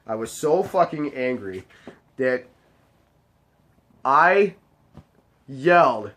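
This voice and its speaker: A man hosting a storytelling vlog, animated and full of swearing. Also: medium pitch, very slow, a little hiss or hum. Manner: profane, animated, mock-weary. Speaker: host.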